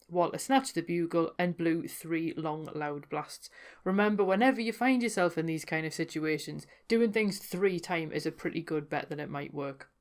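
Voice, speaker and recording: A woman hosting a folklore podcast, telling legends in a chatty way with wry asides. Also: lowish voice. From North East England. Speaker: podcast host. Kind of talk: casual folklore storytelling.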